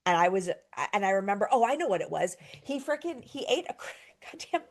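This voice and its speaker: Woman therapist on a podcast, telling a story all animated, curses a lot, acts out what she said. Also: medium pitch, fast talker. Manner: animated, swears freely, acts out her own reactions. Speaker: podcast host, trauma therapist. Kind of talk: casual storytelling chat.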